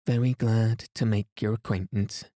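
A man's voice: on the low side, fairly even intonation, moderate pace, mellow, no room sound, close to an everyday voice. A man voicing a cross middle-aged wife in an audiobook, with forced politeness.

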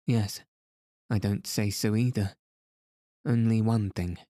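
A man voicing a gentle, earnest older sister in an audiobook, reading her lines slowly and plainly. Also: lowish voice, fairly even intonation, no room sound, clean studio sound.

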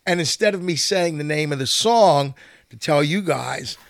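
A man's voice: on the high side, lively intonation, moderate pace, gravelly, no room sound. A man who plays in a band, co-hosting a casual podcast chat and telling jokey stories about his stage banter. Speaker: band member and podcast co-host.

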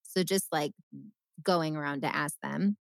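Upbeat female podcast co-host, mid pitch, energetic delivery, dry sound. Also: measured pace, vocal fry, no echo. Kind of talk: casual podcast chat.

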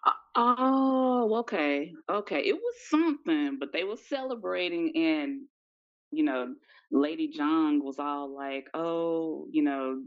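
A woman with a very low voice chats as a podcast guest. She talks in a relaxed, slangy way, and the recording sounds dull and lo-fi. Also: a little slow. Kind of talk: casual chat.

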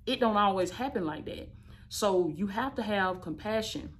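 A woman in her thirties, a life coach, giving an emphatic, repetitive motivational talk with an affectionate, preachy warmth. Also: mid-range voice, animated, normal speed, a little hiss or hum. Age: 30s. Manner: emphatic, repetitive, preachy, affectionate, calls listeners "baby" and "y'all". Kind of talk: motivational teaching talk to camera.

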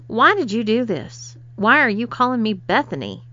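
A woman's voice: a little high, very animated, normal speed, bright, forceful tone. A woman reading a story, voicing a flustered young man who protests indignantly. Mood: protesting. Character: flustered young man, an unwilling new servant. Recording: slightly dull lo-fi recording.

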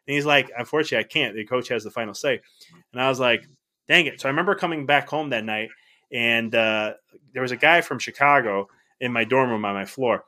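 A middle-aged man as a podcast guest, telling stories in a casual, animated way, acting out the dialogue with frequent restarts. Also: medium pitch, a little fast. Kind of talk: casual storytelling.

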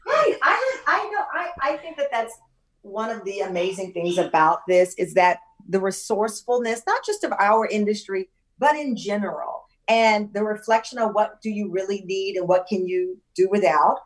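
A woman guest chatting in an animated, laughing way, full of quick asides. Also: medium pitch, far from the mic. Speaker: guest, TV talk show host. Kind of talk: casual interview chat.

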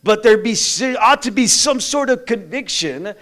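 A man's voice: sits high, expressive, normal speed, hardly any pauses, a bit bright. A male pastor preaching a sermon in a blunt, folksy way, full of slang and asides. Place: church.

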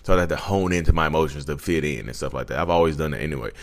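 A man's voice: extremely low pitch, rapid-fire. A man in his thirties, a vlogger telling personal stories in a loose, conversational way, often acting out quotes and saying "you know what I mean.". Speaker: vlogger talking about his own personality disorder. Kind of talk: casual storytelling monologue.

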